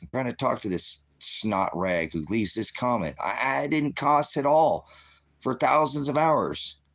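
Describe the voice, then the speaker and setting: Speaking unhurriedly in a mid-range, fairly bright voice, a middle-aged channel host launches a rambling rant at his viewers. He is combative and swears freely.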